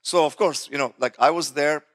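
Telling his own testimony from the pulpit, a pastor speaks at normal speed with a fairly high, fairly bright voice. He performs other people's lines with laughs as he narrates, frequently starting his sentences over.

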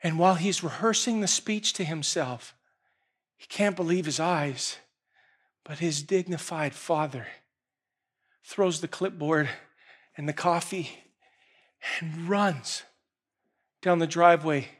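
A male preacher telling a parable in a sermon, swinging from quiet, hushed storytelling to loud, emotional shouting. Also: fairly high pitch, slow pace, pauses often, husky.

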